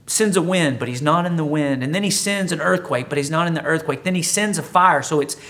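A man preaching a sermon, retelling a scripture story in a relaxed, conversational and humorous way. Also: on the high side, fairly quick. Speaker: pastor.

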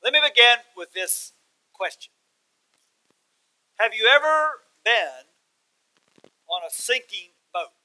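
A middle-aged man preaching with a Texas accent, his voice high and very bright. He talks in a folksy, self-deprecating way, then climbs into loud, emphatic bursts. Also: animated, takes it slowly, pauses often, rough recording. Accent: Texan. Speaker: guest preacher. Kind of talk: sermon.

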